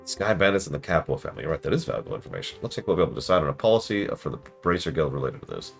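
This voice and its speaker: A man streaming a game review, rambling through jokey riffs with deadpan asides. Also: very deep voice, very fast, gravelly, soft background music. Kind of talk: casual livestream commentary.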